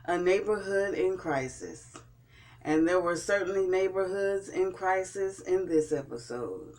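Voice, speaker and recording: A man's voice: sits high, a little mellow. A man giving a casual spoken recap and review of a TV episode, often repeating and restarting his words. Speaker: TV show reviewer.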